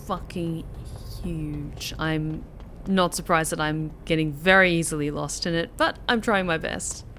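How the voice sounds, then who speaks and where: A woman's voice: low voice, a little slow, fairly bright tone, a little hiss or hum. An Australian woman from Australia thinking aloud as she plays through a game on a live stream. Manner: chatty, thinking aloud while playing.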